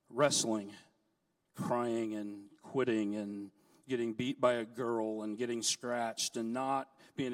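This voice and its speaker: A middle-aged man gives a sermon in a fairly high voice, telling stories in a lively way with joking asides. His voice sounds a little distant from the microphone, as if he is standing back from it in a church hall. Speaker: preacher. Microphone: handheld mic, set down at times.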